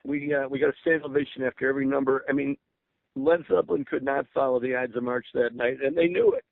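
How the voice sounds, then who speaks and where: An older man with a gravelly voice tells stories as a guest on a radio show. He speaks eagerly, restarting words and laughing as he goes. His voice comes over a narrow, tinny phone line with no room sound. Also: mid-range voice, fairly even intonation, quick pace, no echo. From Berwyn, Illinois, USA. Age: 60s. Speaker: guest musician. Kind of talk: radio interview storytelling.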